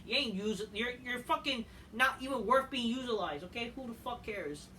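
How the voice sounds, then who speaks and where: A crude, scornful voice rants through a wrestling recap, swearing almost every line. The tone is bright and edgy. It sits back from the mic with a faint hiss of noise underneath. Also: mid-range voice, lively intonation, normal speed, far from the mic. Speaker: wrestling show reviewer. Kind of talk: profane ranting recap.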